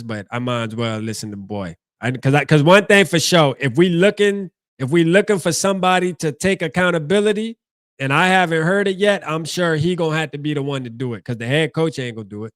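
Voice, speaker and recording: A man's voice: a little high, brisk, dry recording, studio quality. A man hosting a fan postgame show, ranting casually with slang and lots of repeats and restarts.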